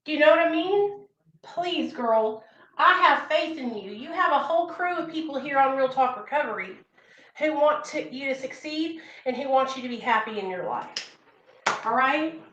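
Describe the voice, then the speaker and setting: A young woman with a high voice gives an earnest, encouraging pep talk on a casual livestream and keeps repeating her points. The sound is dull and lo-fi, with a roomy echo around her. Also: expressive, moderate pace, fairly bright tone, slight background noise. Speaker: recovery livestream host. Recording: echoey room, dull lo-fi sound.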